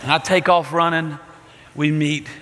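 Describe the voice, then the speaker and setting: A middle-aged man preaching a sermon, telling a story with lively acted-out voices. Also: on the high side, measured pace, noisy background. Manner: animated storytelling, acting out voices. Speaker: pastor. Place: church sanctuary. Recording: reverberant church hall.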